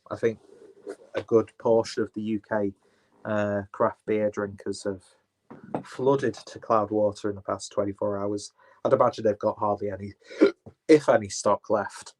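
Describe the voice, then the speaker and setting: A man chatting casually through an unboxing, rambling, swearing and correcting himself as he goes. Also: on the low side. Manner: rambling, profane, self-correcting. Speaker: beer reviewer.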